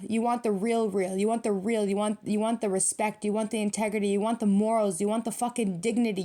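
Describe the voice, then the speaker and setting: A woman's voice: fairly high pitch, warm tone. Blunt, profane woman reading tarot. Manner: blunt, profane, emphatic street slang. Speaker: tarot reader. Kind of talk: casual tarot reading monologue.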